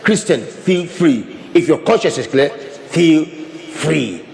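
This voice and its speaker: A man's voice: on the high side, lively intonation, takes it slowly, creaky, darkish tone. A man preaching a sermon as pastor, talking animatedly, repeating and restarting phrases as he demonstrates with his hands. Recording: long reverb of a hall.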